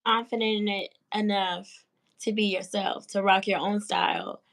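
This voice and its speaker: A woman's voice: medium pitch, fairly even intonation, moderate pace, vocal fry, fairly bright tone. A woman hosting a casual interview about fashion, speaking in a thoughtful, encouraging way. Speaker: interviewer, show host.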